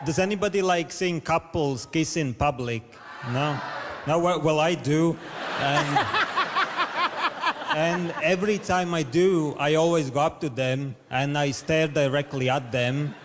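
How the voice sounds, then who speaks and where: A man doing stand-up comedy on a talent show stage, with a halting, stammering deadpan delivery. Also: fairly high pitch. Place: large theatre stage. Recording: reverberant hall with background noise.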